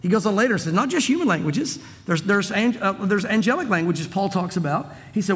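A man's voice: high voice, expressive, fast talker, hardly any pauses, a bit bright, long reverb tail. A man preaching a sermon as pastor, earnest, often repeating and restarting his phrases.

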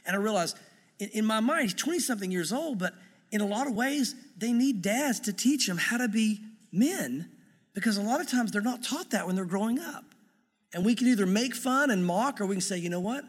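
A middle-aged male pastor preaching a sermon in an earnest, conversational way with gentle humor. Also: high-pitched, animated, a little fast, husky, big-room sound.

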